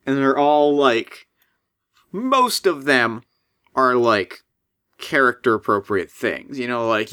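A man's voice: medium pitch, animated, slow, sharp tone, clear, resonant tone. A man playing in an improvised tabletop role-play, talking in a rambling, hesitant way. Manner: rambling, hesitant, full of fillers. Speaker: player.

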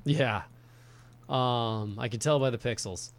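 A man's voice: mid-range voice, takes it slowly. A man co-hosting a podcast in casual chat, rambling with lots of fillers and frequent laughs. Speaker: podcast co-host.

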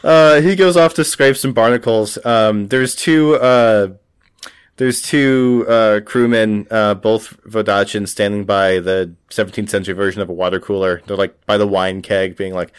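A man narrating a pirate tabletop game as game master, relaxed and rambling with frequent fillers. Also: fairly low pitch, moderate pace, clear, resonant tone.

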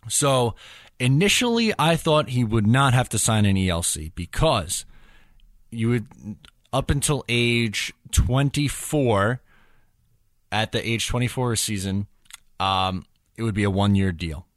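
A man's voice: medium pitch, animated, unhurried, no room sound, clean studio sound. A man co-hosting a podcast in casual chat, rambling with lots of fillers. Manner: rambling, filler-heavy, overthinking. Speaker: podcast co-host.

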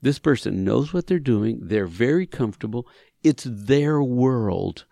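Gravelly man teaching with animated emphasis. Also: medium pitch, measured pace, dry recording, clean studio sound. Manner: animated, acts out dialogue, rising emphasis, repeats phrases. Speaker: counselor leading men's retreats. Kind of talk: conversational teaching on a talk show.

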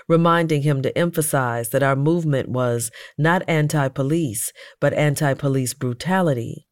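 A narrator reads a first-person memoir in a measured, earnest voice. The voice sits at an ordinary middle pitch. It is recorded close and dry, with no room sound around it. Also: darkish tone, no room sound.

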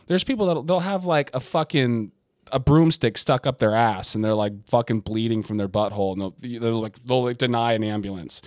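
A man riffing in casual podcast banter, cursing freely and wandering between tangents. His voice sits at an ordinary middle pitch. The sound is dry and close, with no room around it. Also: fairly quick, a little mellow, dry recording. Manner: loose and profane, slipping into mock voices for punchlines. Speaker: podcast co-host.

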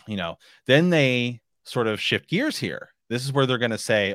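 A man's voice: mid-range voice, lively intonation, normal speed, hardly any pauses, a bit bright, dry recording, clean studio sound. A man hosting a podcast, chatting casually and reading book passages aloud, rambling with lots of filler phrases. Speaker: podcast host.

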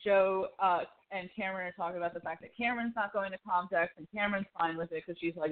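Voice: medium pitch, steady tone, fast talker, few pauses. Chatty podcast co-host on a tinny line. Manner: rambling, laughing, full of fillers and acted quotes. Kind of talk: casual chat recapping a TV series.

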